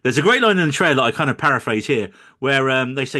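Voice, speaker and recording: A middle-aged man talks films with friends on a podcast in a loose, joking way. His pitch bounces around a lot as he riffs, and his voice sits at an ordinary middle height. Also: fast talker, few pauses. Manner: joking, animated, quotes others in mock voices. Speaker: podcast co-host. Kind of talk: casual film review chat.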